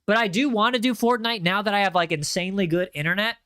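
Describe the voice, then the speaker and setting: A man's voice: sits high, quick pace, sharp tone, clean tone, no room sound, clean studio sound. A man streaming a game live, joking around and talking to his chat in a playful way. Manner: playful, jokey, chatting with viewers. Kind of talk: live gameplay commentary.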